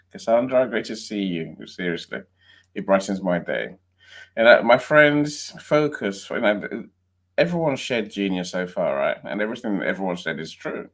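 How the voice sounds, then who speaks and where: A man from England speaking as a guest on a video call, friendly and conversational, often saying "you know" and "right". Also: on the low side. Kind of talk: casual talk on a call.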